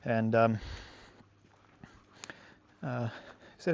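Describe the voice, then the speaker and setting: A man with a fairly low voice talks loosely and thoughtfully as a dog trainer, wandering between points and filling gaps with "um" and "like". He is out on a walk, recorded with a slightly dull tone and a faint hiss behind him. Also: normal speed. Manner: rambling and reflective, with many fillers. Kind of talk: casual talk to camera. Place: outdoors on a park walk.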